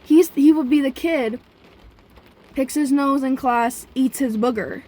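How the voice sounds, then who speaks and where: Speaking straight to her viewers in a casual vlog, a young woman with a high voice rambles chattily through a story, now and then erupting in sudden profanity. She takes her time, and her tone is somewhat dark.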